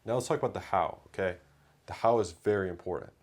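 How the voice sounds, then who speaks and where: A man coaching viewers in an instructional video monologue, with a steady, coaching delivery. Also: deep voice, fast. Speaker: dating coach.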